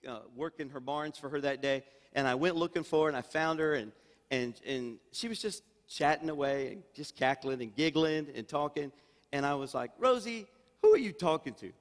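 A man's voice: on the high side, fairly even intonation, normal speed. An older man preaching a sermon as senior pastor, emphatic and calling out for amens. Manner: emphatic preaching, calls for amen. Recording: reverberant church hall.

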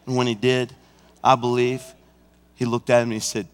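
A senior pastor preaching a sermon, swinging from hushed, intimate passages to shouted climaxes, sometimes singing and acting out scenes. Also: male voice, medium pitch, flat delivery, normal speed, long pauses, big-room sound. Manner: breaks into song and acts out scenes. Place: church sanctuary.

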